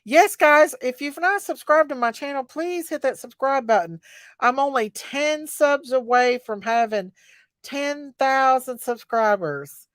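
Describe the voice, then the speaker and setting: A middle-aged woman hosting a casual livestream, talking in a slow, unhurried drawl and calling out viewers by name. Her voice sits a touch high, and the sound is close and dry with no room around it. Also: fairly bright tone, dry recording. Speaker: livestream host.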